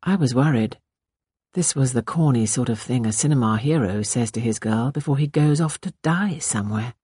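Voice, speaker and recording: A woman narrating a novel in the first person, in a measured, intimate reading style. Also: very deep voice, warm tone, breathy edge, no room sound, clean studio sound. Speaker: audiobook narrator. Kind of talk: scripted narration.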